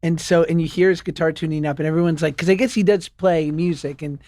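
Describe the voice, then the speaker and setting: A man in his thirties co-hosting a comedy podcast, telling stories in a casual, animated way. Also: on the high side, fast talker, no echo, clean studio sound. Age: 30s. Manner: animated storyteller, breaks into laughing sung bits. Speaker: podcast co-host.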